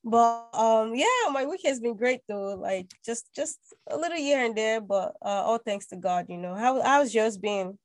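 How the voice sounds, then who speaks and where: A high-voiced woman from Nigeria co-hosts a podcast in easygoing casual chat. She is a bit sick, so her voice sounds under the weather, and her manner is laid-back and soft-spoken. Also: normal speed, few pauses, soft background music. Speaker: podcast co-host.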